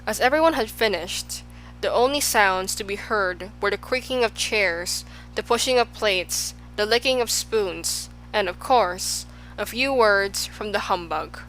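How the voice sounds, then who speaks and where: A woman reading a children's novel aloud as an audiobook narrator, in a steady, clear storybook voice. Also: mid-range voice, unhurried, soft background music, low-quality recording.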